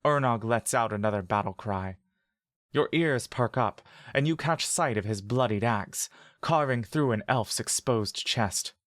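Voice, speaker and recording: A man reading a scripted second-person fantasy story in a steady, vivid storytelling manner. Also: medium pitch, a little slow, dry recording, clean studio sound. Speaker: narrator.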